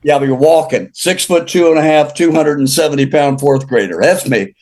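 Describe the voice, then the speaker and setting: A man's voice: a little high, brisk, a little mellow, slight background noise. An older man from Illinois, a country singer guest, telling rambling, jokey stories in a casual chat and laughing at his own tales. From Illinois, USA. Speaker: interview guest, country recording artist.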